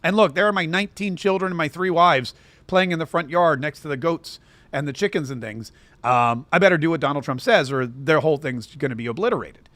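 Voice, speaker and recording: A frightened militant leader, all bluster gone, as a man puts him on in a mocking aside. The voice sits high for a man and sounds dry and close, with no room around it. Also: a little fast, dry recording, lightly acted. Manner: mocking, quieter retelling voice.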